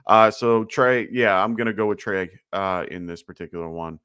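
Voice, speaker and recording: A man's voice: deep voice, moderate pace, a bit bright, clean tone, dry recording, studio quality. A man with a slight lisp hosting a live fantasy football Q&A, talking loosely with lots of fillers and sounding short on sleep. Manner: loose, chatty, many fillers. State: tired from little sleep. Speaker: fantasy football livestream host. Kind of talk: casual live Q&A commentary.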